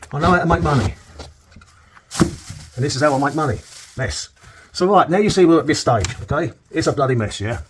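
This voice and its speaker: Animated, a little high, at a moderate pace with frequent pauses, a middle-aged plasterer demonstrates cornice work in an indoor room on a work site amid background noise. He's chatty and joking, checking in with "okay?" as he works.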